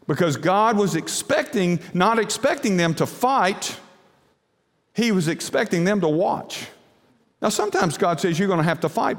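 A man preaching a sermon, emphatic, with rhetorical questions and sudden drops to a hushed low voice. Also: expressive, moderate pace, in a large hall. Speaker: pastor.

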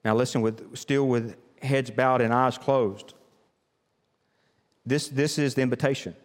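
A man's voice: mid-range voice, fairly even intonation, a little slow. An older male pastor preaching a sermon, building rhythmic emphasis through repeated phrases. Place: church sanctuary. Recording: long hall reverb.

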